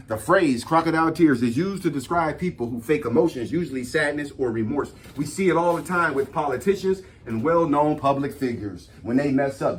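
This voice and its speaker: A young man with a slightly high voice hosts a casual talk, reading a list of signs aloud. He breaks into lively, slangy asides, calling his listeners "y'all" and telling stories from his own life. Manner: animated storytelling, slangy, addresses audience as y'all. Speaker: host.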